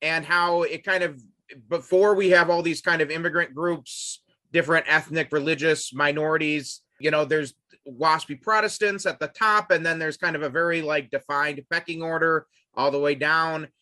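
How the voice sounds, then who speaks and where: Man, panelist, reflective and hesitant, bright upper voice. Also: fairly high pitch, steady tone, moderate pace, dry recording. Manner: thoughtful, hesitant restarts. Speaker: podcast panelist. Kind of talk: casual discussion.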